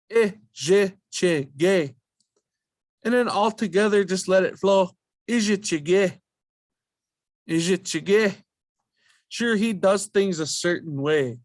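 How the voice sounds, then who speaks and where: A man teaching a language lesson, drilling vowel sounds slowly and repeating each word patiently. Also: high voice, no room sound, studio quality. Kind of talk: slow spoken language lesson.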